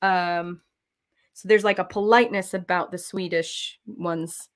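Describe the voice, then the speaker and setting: A woman's voice: on the low side, fairly even intonation. An American woman in her thirties hosting her cross-stitch channel, chatting casually in a rambling, giggly way, full of "like" and "um". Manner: rambling and giggly, full of "like" and "um", often trails into quick laughs. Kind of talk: chatty talk while stitching.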